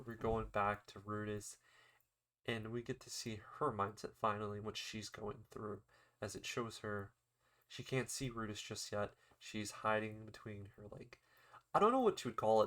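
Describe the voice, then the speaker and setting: Young male reviewer, low-ish voice, loose chatty recap full of "like". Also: fairly bright tone. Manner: rambling, filler-heavy retelling with acted-out quotes. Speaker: anime episode reviewer. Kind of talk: casual recap.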